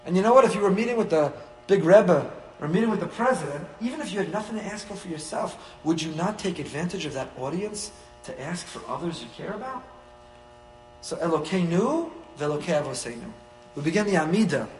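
A man, a rabbi, teaching a weekly Torah class in an animated way, acting out little dialogues with humor. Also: high voice, fairly quick, soft background music. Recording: long hall reverb.

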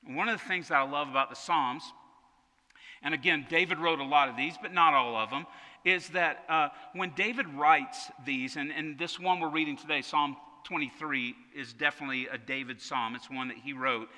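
A man's voice: fairly high pitch, normal speed, sharp tone, long reverb tail. A man preaching a sermon as pastor, talking conversationally and often repeating words as he restarts.

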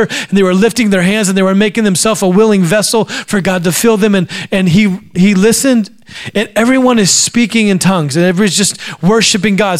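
A man preaching a sermon, telling stories and acting out the people in them. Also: high-pitched. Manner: acts out quoted voices while telling stories. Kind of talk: sermon storytelling.

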